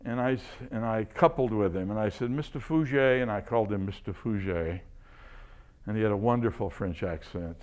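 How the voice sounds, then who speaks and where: Older male professor spinning lively anecdotes. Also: lowish voice, fairly quick. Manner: enthusiastic storyteller, chuckling often. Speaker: chemistry professor giving a seminar. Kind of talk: anecdotal lecture.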